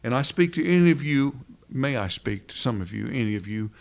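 A man's voice: medium pitch, lively intonation, fairly quick, creaky. An earnest male preacher delivering a sermon. He leans on repeated rhetorical questions, pressing each point home with emphasis.

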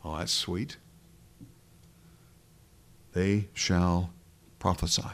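A man preaching a sermon with a gravelly edge to his voice. He speaks earnestly and with emphasis, pressing his points home with rhetorical questions as he reads through scripture. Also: mid-range voice, lively intonation, unhurried, pauses often.

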